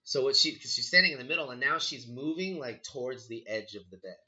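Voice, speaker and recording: Young guy, bright forceful tone, casual storyteller, swears, acts out his reactions; slightly muffled recording. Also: medium pitch, lively intonation, quick pace. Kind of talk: casual chat, telling a ghost story.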